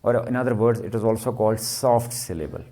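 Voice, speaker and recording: A man teaches a class. He answers his own questions as he goes. His voice is warm and mellow, and he keeps checking whether the students are following. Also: fairly low pitch, fairly quick. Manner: checks understanding with frequent "clear?" and "ji". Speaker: lecturer. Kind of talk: classroom lecture.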